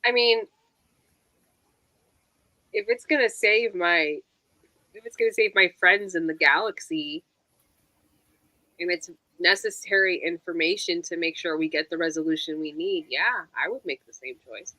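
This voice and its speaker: A woman co-hosting a casual fan podcast, speaking thoughtfully and pausing to search for words. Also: fairly low pitch, sharp tone, no room sound, rough recording. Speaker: podcast co-host.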